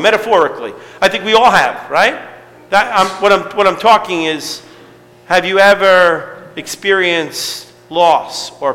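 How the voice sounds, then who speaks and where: A man's voice: sits high, sharp tone, long reverb tail, poor audio. A middle-aged man preaching a sermon to his congregation in a conversational way, asking rhetorical questions. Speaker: pastor.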